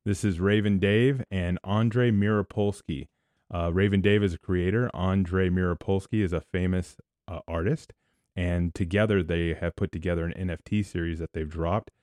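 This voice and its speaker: A man's voice: low voice, steady tone, normal speed, darkish tone, dry recording, clean studio sound. A man hosting a casual podcast, upbeat and joking as he introduces guests. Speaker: podcast host.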